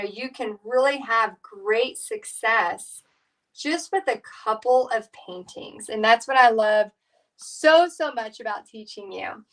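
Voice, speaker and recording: A woman's voice: fairly high pitch, distant mic, low-quality recording. Chatty woman painting instructor. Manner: chatty, rambling, warm storytelling with fillers. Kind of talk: live painting tutorial chat.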